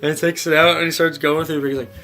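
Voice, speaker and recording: Bright-voiced young man telling a story. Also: a little high, flat delivery, rapid-fire, faint music behind. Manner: rambling, laughing often, many "like"s. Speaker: podcast co-host. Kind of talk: casual storytelling among friends.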